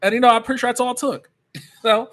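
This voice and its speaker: A man's voice: very high-pitched, steady tone, very fast, fairly bright tone. A man co-hosting a podcast in casual chat, often repeating words as he starts. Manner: stammers on repeated words, chatty. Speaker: podcast co-host.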